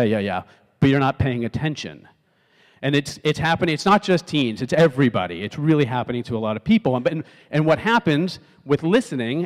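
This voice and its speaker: A middle-aged man giving a conversational talk on stage to a youth audience, asking the crowd questions and acting out text messages in different tones. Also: medium pitch. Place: large auditorium. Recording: long hall reverb from the auditorium.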